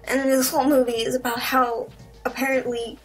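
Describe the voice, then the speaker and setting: A young woman rants through a movie review in a sarcastic, rambling way, swearing freely and jumping into quick impressions of the characters. Her voice sits a little high, and faint music plays underneath. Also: little pitch movement, rough recording. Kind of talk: casual profane movie review rant.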